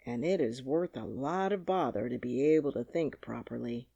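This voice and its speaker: A woman voicing a kindly, thoughtful male scarecrow in an audiobook, speaking slowly and deliberately. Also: rumbling low, gravelly, warm tone, slightly rough, dry recording, lo-fi sound, voice pushed down, full character voice. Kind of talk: audiobook character reading.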